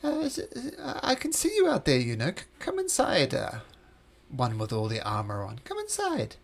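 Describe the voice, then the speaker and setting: A man's voice: a little high, wildly swooping pitch, moderate pace, gravelly, full character voice. A man voicing a sly unseen creature that coaxes visitors inside with a wheedling manner. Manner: wheedling, coaxing.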